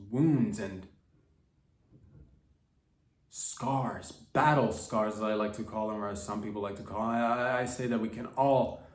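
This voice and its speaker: Guy rambling a mock-serious comic story, slangy, echoey room. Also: mid-range voice. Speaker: podcast host. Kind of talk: rambling comedic monologue.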